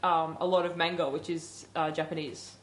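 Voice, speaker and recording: A woman's voice: low-pitched, flat delivery, moderate pace. A young woman co-hosting a casual radio chat show, telling a story animatedly and laughing often.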